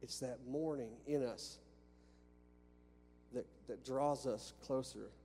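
A man's voice: mid-range voice, slow pace, mellow, soft background music. A man preaching a sermon to a congregation in a church, talking conversationally with restarts and rhetorical questions. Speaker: pastor. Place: church sanctuary with a balcony. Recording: long reverb from a church hall with faint hum.

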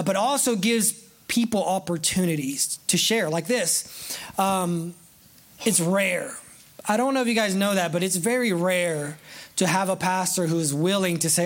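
A man with a high voice preaching in church as pastor. He talks with eager excitement, chatty and quick to joke with his congregation. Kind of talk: sermon. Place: church sanctuary.

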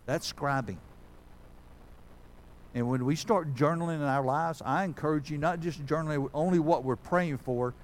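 A man's voice: on the high side, moderate pace. A man, a pastor giving a folksy, conversational sermon that builds to fervent preaching.

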